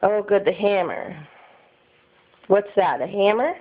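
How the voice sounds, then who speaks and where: A woman's voice: medium pitch, a little slow. A woman, a parent, patiently coaxing her toddler to name things in a home video. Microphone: phone camera. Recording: dull lo-fi phone audio.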